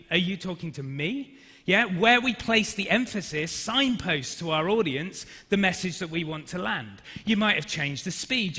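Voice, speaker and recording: Guy in his 30s running a workshop, high and super bright, echoey hall. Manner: energetic, directs the audience, many fillers. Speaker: workshop speaker, actor. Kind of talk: interactive business workshop talk. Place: large conference hall. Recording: reverberant hall.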